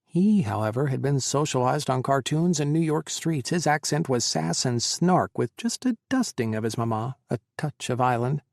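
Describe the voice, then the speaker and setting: A man narrating an audiobook in an even, measured reading. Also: medium pitch, creaky, dry recording, clean studio sound. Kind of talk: scripted narration.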